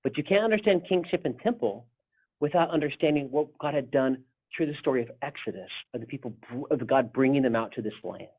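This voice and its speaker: A man's voice: medium pitch, animated, quick pace, slightly rough. A male pastor leading a casual Bible study discussion, rambling with frequent restarts. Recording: tinny phone-like sound.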